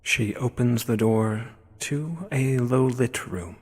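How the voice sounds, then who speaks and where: A man narrating a tabletop game as game master in a measured way. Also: medium pitch, darkish tone, breathy edge.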